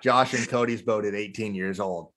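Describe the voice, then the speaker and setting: A man hosting a casual chat, telling stories in an animated way and often saying "dude". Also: fairly low pitch, moderate pace, crowd noise. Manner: animated, says "dude" a lot. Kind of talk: casual storytelling.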